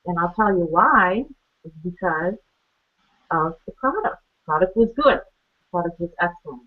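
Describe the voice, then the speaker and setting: A woman with a lowish, lively voice tells her own story at a moderate pace as a guest on a training call, heard through a phone line. Chatty and quick to laugh, she acts out the exchanges she recalls.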